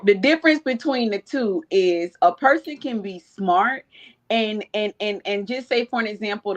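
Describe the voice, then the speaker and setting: Blunt woman caller. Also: fairly high pitch. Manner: blunt, emphatic. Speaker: caller joining a livestream.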